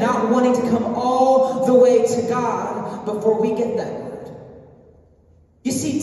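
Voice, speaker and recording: A man's voice: high-pitched, warm tone. A man in his thirties preaching a sermon in a large church, with impassioned, emphatic rising lines. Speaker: pastor. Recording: far-off voice in echoey hall.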